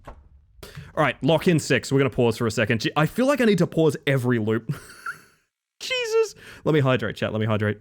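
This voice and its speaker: Male streamer, live game commentary, animated, lively pitch, casual swearing. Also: fast talker. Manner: animated, swears freely, chats with viewers.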